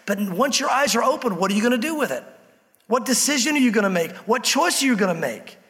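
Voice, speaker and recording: A man's voice: very high voice, big pitch swings, quick pace, a bit bright, in a large hall. A man preaching a sermon to a congregation in a church, in a conversational style that slips into acted-out quotes. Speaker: pastor. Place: church sanctuary.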